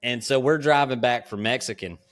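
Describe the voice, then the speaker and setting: A man, hosting a podcast and telling ranch stories in a relaxed, drawling way, laughing often. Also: mid-range voice, fairly quick. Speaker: podcast host. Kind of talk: casual storytelling chat.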